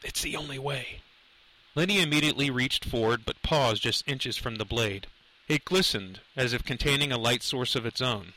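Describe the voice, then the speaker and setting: A man narrating a dark novel aloud, in a measured, dramatic storytelling manner. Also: medium pitch, low-quality recording. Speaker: audiobook narrator. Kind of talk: scripted narration.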